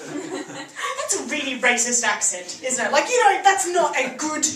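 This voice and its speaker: Female stand-up comic, high voice, chatty and giggly, echoey theatre stage heard from a distance. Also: big pitch swings, moderate pace. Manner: chatty, giggles through her lines. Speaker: stand-up comedian. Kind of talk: stand-up comedy set. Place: theatre stage before a live audience. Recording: echoey, distant live recording with noise.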